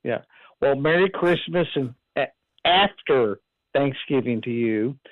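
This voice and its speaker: A man's voice: medium pitch, animated, measured pace, dry recording. A man calling in to a talk radio show, speaking in an earnest, talkative way. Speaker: caller. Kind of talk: phone-in talk radio call. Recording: tinny phone line.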